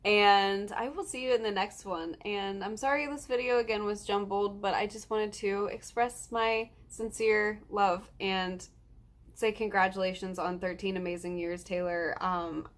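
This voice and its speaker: A woman's voice: mid-range voice, fairly even intonation, measured pace. A nineteen-year-old woman vlogging, earnest and rambling with lots of ums, close to tears as she talks. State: tearful, close to crying. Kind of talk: emotional personal vlog.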